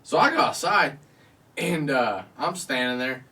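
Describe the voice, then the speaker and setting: A man's voice: mid-range voice, expressive, a little slow, sharp tone, recorded from a distance. A man hosting a podcast, telling a crude story from his youth in casual chat, swearing and laughing often. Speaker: podcast host.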